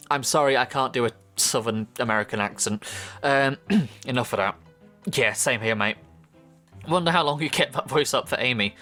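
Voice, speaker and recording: Male gaming host, mid pitch, reads game text aloud with playful asides, faint music behind. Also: moderate pace, pushed and bright. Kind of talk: reading game dialogue aloud with commentary.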